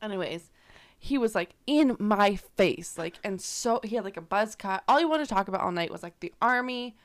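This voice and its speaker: A woman's voice: medium pitch, expressive, normal speed. Giggly, rambling young woman. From Canada. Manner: giggly, rambling storyteller, laughs through words. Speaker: podcast co-host. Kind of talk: casual chat.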